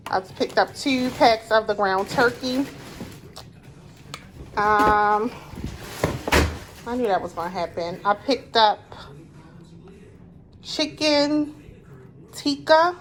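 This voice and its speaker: A woman talking casually through a grocery haul at home, chatty, repeating herself and quick to get annoyed. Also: fairly high pitch, slight background noise. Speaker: vlogger.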